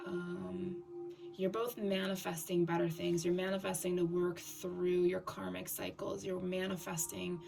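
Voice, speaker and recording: A woman giving a tarot reading in a scratchy voice, talking haltingly with fillers and restarts. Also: on the low side, little pitch movement, creaky. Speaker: tarot reader. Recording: distant mic with background music.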